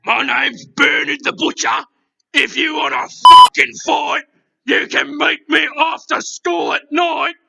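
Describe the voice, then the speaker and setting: A young man voicing a brash, blustering guest who loudly rants against a video game, recorded on a poor, dull-sounding microphone. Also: extremely high pitch, steady tone, unhurried, vocal fry, heavy background noise, full character voice. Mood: belligerent. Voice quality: shouty, blustering.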